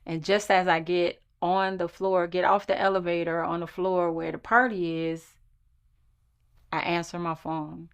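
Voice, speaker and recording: A woman's voice: fairly low pitch, level tone, unhurried, clean tone, dull audio. A woman recounting a long legal fight in an earnest, emphatic personal testimony. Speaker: storyteller recounting her lawsuit.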